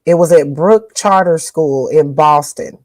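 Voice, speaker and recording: A woman from northern Louisiana with a northern Louisiana accent, co-hosting a podcast in casual chat, folksy and animated with old-fashioned country sayings. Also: low-pitched, unhurried, no room sound, rough recording. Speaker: podcast co-host.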